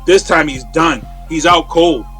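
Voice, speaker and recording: A man, a guest on an interview show, telling a story in a casual, animated way over a remote call. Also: on the high side, a little slow, faint music behind. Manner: animated, acts out quoted voices. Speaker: interview guest, radio personality. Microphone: remote call from home.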